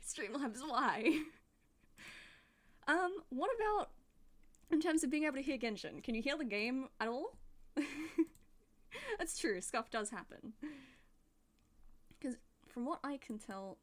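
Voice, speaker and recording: A woman live-streaming a game, chatting casually and laughing often at herself. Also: a little high. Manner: giggly, laughs often, self-deprecating. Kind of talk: casual live-stream chat while gaming. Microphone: desk microphone.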